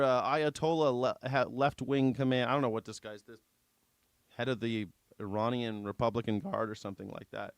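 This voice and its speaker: A man's voice: mid-range voice, smooth, no room sound. A man hosting a live news reaction show, sarcastic, jokey and profane in casual commentary.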